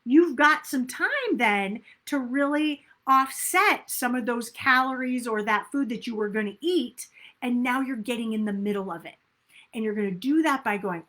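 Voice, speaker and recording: Upbeat, bright-voiced woman coach. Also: on the high side, normal speed. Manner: upbeat, emphatic, acts out inner self-talk. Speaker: weight loss coach. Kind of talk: motivational coaching talk.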